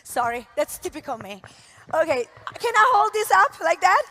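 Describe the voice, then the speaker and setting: A woman with an Italian accent giving an animated, gushing motivational talk from a convention stage. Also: very high voice, normal speed, a little hiss or hum. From Italy. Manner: animated, gushing, lots of laughs. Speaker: conference speaker. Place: large convention hall. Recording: echoey hall reverb.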